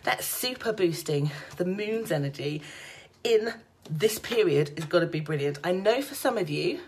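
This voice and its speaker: A woman's voice: lowish voice, expressive, normal speed, a little mellow, husky. A woman, a psychic card reader, chatting on a casual live stream from home, laughing often and talking straight to her viewers.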